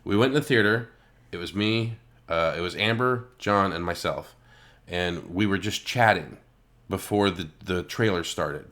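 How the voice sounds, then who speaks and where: A man's voice: low-pitched, unhurried, a bit bright. A man co-hosting a casual chat, telling a profane story about a rude moviegoer and acting out the people in it. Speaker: co-host.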